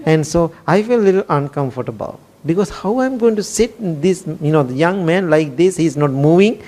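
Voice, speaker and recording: Laughing, lively monk, higher voice. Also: male voice, moderate pace. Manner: animated storytelling with frequent laughter and non-native grammar; rhetorical "right?" after many phrases. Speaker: Buddhist monk, temple chief monk. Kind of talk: storytelling sermon.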